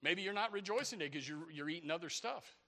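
A male pastor preaches in a church, excitable and rambling, breaking into sudden shouted bursts. His voice is high and bright. It rings with a long hall reverb. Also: fast. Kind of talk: sermon. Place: church sanctuary.

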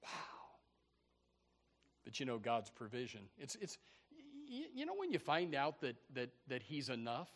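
A man preaching a sermon in an animated, stammering way, repeating words and acting out Bible characters. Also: medium pitch, unhurried. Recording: echoey hall.

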